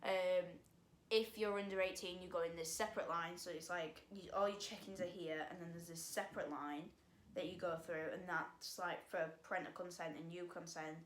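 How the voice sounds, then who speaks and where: A woman's voice: fairly low pitch, steady tone, moderate pace, slight background noise. Rambling, chatty teenage girl vlogger. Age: teens. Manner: rambling, chatty, full of fillers and sighs. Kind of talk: casual storytelling vlog. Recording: roomy echo.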